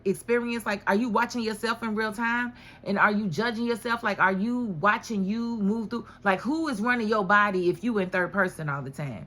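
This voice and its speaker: A woman giving a casual, chatty recap of a TV drama episode, animated and full of rhetorical questions. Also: fairly low pitch, moderate pace. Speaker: TV show reviewer.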